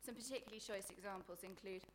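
A woman reads her own comic prose at a live book event, with a faint hiss behind her. Her delivery is sardonic and deadpan, and she lands crude insults with dry relish. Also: medium pitch, quick pace. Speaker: author reading her work.

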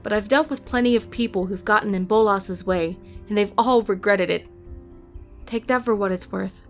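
A man's voice: sits high, moderate pace, fairly bright tone, faint music behind, pitched above the performer's own voice. A male narrator voicing a wry young outsider woman, candid and a little awkward.

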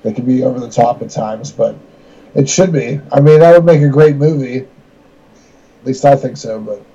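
A man's voice: medium pitch, moderate pace, warm tone, husky. A man on a casual podcast panel, talking bluntly and dismissively. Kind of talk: casual chat. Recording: dull lo-fi mic.

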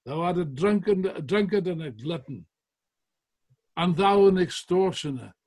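A man putting on an enraged puritan commander who thunders his condemnations slowly and with contempt, pitched a little high with a husky edge. Every word lands like a verdict. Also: lively intonation, heavily acted. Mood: accusing. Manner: booming, slow, scornful denunciation. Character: furious puritan general dismissing parliament.

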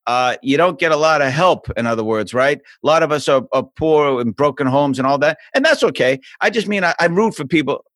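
A man's voice: a little fast, few pauses, no echo. A man in his fifties with a Boston accent, a guest telling stories in a casual remote interview. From South Boston, USA. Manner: animated storyteller, jumps into higher pitch. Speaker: podcast guest, TV host. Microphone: remote call mic.

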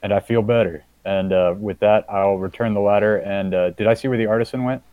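A man's voice: lowish voice, steady tone, a little fast, smooth, dry recording, phone-quality sound. A man playing a tabletop game, laid-back and a bit hesitant. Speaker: player. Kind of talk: casual tabletop play.

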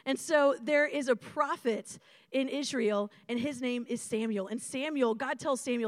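A young adult woman preaching a sermon to young adults in a conversational, animated way, calling on the room to respond. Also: high voice, normal speed, no room sound, clean studio sound.

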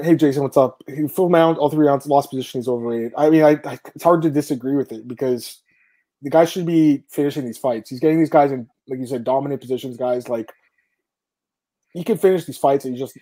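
A man hosting a podcast talks fast and easily through a string of results. His voice sits mid-range and sounds dark and mellow. The chat stays casual and conversational. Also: medium pitch. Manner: quick, conversational, runs through fight results. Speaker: podcast host.

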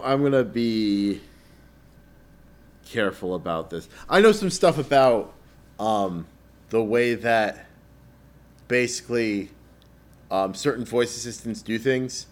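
A man with a low voice chats on a podcast. He wanders from thought to thought and often stumbles and restarts. His sentences are full of fillers. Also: expressive, slow pace, long pauses. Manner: meandering, hesitant, many restarts and fillers. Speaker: podcast co-host. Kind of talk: casual chat.

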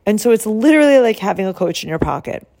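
A woman health coach who explains her service in a soft, calm and soothing way and guides slow breathing. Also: medium pitch, vocal fry.

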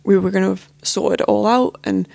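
A woman's voice: mid-range voice, fairly even intonation, fairly quick, creaky, a little mellow, no room sound. A young woman telling a personal story as a podcast guest, casual and full of filler words.

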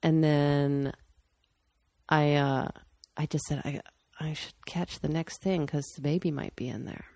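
Woman w a low gravelly voice talking real candid and matter-of-fact, dry sound. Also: steady tone, a little slow, warm tone, dry recording. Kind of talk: personal storytelling in casual chat.

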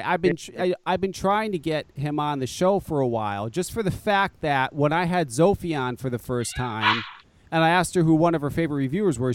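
A man's voice: a little high, no echo. A man hosting a podcast, telling a profane story in a casual chat and acting out what people said. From northern US. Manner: profane, animated storyteller who acts out quotes. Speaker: podcast host.

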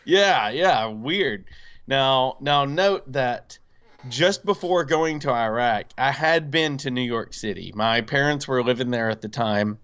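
A man casually telling a personal story on a podcast, animated, with many fillers and acted-out quotes. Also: medium pitch, a little slow, clear, resonant tone, highs cut off. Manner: animated, acts out quoted voices, frequent fillers.

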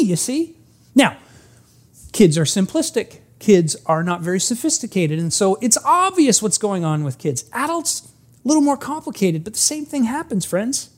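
A pastor giving an earnest sermon, slowing down for emphasis and acting out a story. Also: mid-range voice, big pitch swings. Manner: earnest, emphatic, acts out stories; frequent restarts, slows for emphasis.

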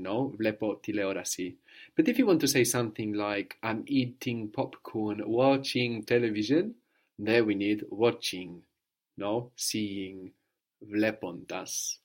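A man's voice: on the low side, animated, measured pace. A man giving a patient one-to-one language lesson, prompting his student with questions and repeating the answers. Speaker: language teacher.

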